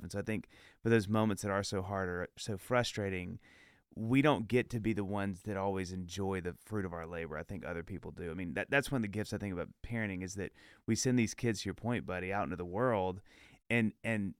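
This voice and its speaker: Podcast host, man, lowish voice, dry close mic, rambling heartfelt storyteller. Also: fairly quick, clean tone, no room sound. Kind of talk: casual chat.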